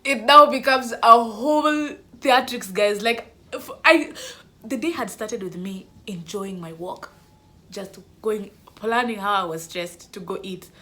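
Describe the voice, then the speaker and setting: A young woman telling a funny story from school in an animated, dramatic way. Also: medium pitch, unhurried. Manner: animated, dramatic, laughing a lot. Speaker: vlogger. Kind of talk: storytime vlog.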